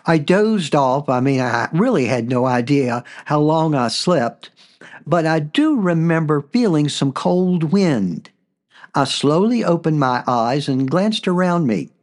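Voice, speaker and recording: A man hosting a podcast, narrating a personal story in a relaxed way with frequent fillers. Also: on the high side. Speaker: podcast host.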